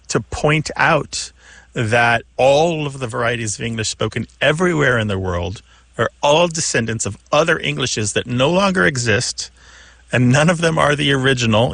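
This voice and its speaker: A male radio co-host talks through a listener's question in a thoughtful, unhurried way. His voice has a gravelly edge, and the studio sound is dry and close. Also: medium pitch, fairly bright tone, no room sound. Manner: thoughtful, explanatory, laughs often. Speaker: radio show co-host, language expert. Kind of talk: casual explanatory radio talk.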